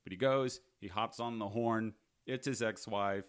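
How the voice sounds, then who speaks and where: A man's voice: fairly low pitch, measured pace, smooth. A man hosting a podcast, casually recapping a movie with sardonic, profane storytelling. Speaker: podcast host.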